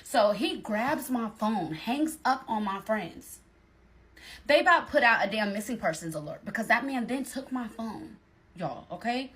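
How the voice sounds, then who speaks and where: A woman's voice: on the high side, animated, measured pace, a bit bright. A woman telling a personal story in casual storytime style, talking straight to her listeners with lots of emphasis.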